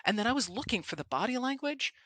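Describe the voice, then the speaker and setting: Podcast host, woman; animated storyteller, bright tone, dry close sound. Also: fairly high pitch, fast, no echo. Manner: animated storyteller who acts out quotes. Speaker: podcast host and presentation coach. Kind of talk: casual podcast chat.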